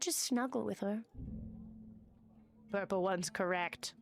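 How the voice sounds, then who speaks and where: A woman's voice: mid-range voice, very animated, unhurried, long pauses, soft background music. A woman streaming a game live, chatting casually, swearing and reading the game's text aloud.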